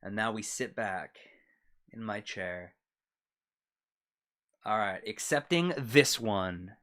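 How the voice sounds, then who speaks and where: A man's voice: lowish voice, lively intonation, slow, a bit bright. Laid-back man chatting on a game stream. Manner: laid-back, reads chat aloud and jokes. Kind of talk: casual live-stream chat while gaming.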